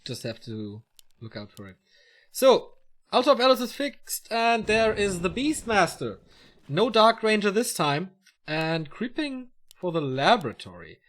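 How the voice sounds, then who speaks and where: A male esports caster talking solo over a match. His voice sits a little high and swings up and down a lot as he calls the play. He chats and tosses in joking asides between the action. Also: sing-song, measured pace, a bit bright. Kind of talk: solo play-by-play game commentary.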